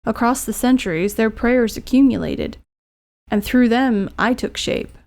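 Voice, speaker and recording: A woman reading game dialogue as a gentle, apologetic spirit of a young man, speaking soft and solemn. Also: fairly high pitch, a little slow, vocal fry.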